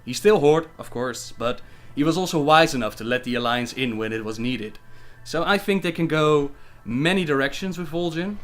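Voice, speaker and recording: A man on a casual livestream who reads viewer questions aloud and answers them in a chatty, relaxed way. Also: fairly high pitch, moderate pace. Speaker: gaming lore livestreamer.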